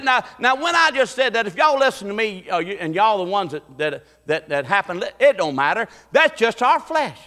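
A man preaching a folksy sermon as pastor, building into excited preaching and acting out voices. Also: high-pitched, moderate pace, hardly any pauses, in a large hall. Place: church sanctuary.

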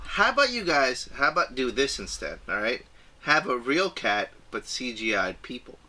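A man's voice: medium pitch, very animated, normal speed, pushed and bright. A man co-hosting a podcast in casual chat, rambling and throwing out ideas with enthusiasm. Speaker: podcast co-host.

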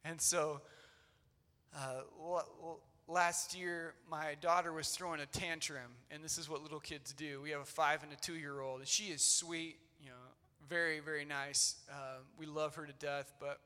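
A man's voice: fairly high pitch, little pitch movement, moderate pace, pushed and bright. A man in his thirties preaching a sermon in an old church, earnest and conversational with loose fillers. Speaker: pastor. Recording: long church-hall reverb.

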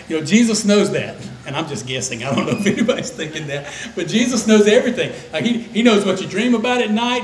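An older man, a pastor, preaching a conversational sermon that dips into soft, low tones for emphasis. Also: reverberant, slight background noise, rough recording. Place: church sanctuary.

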